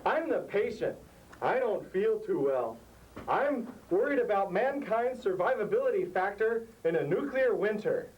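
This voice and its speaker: An actor playing an earnest, naive amateur comedian in a sketch. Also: female voice, mid-range voice, sing-song, unhurried, recorded from a distance, lo-fi sound, a little hiss or hum.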